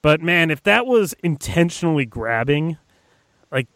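A man's voice: fairly high pitch, very animated, unhurried, a bit bright, no echo. A man co-hosting a casual sports podcast, breaking down plays in an analytical way and often hedging with "I mean". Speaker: co-host and editor.

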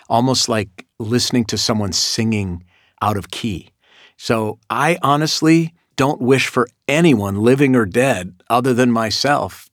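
A middle-aged man, a rabbi and author, reflecting on his work in measured, deliberate phrasing. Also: fairly low pitch, no room sound, clean studio sound. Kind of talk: reflective spoken commentary.

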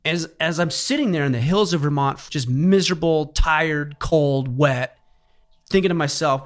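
A middle-aged man with a slightly raised pitch tells a personal story on a podcast. His delivery is earnest and heartfelt, and it turns emotional in places. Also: normal speed. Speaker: podcast host. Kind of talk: casual podcast conversation.

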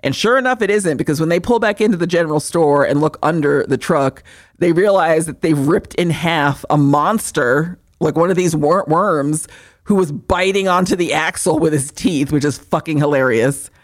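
A woman co-hosting a podcast, recapping a movie in casual chat, swearing freely and animated. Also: low voice, normal speed. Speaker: podcast co-host.

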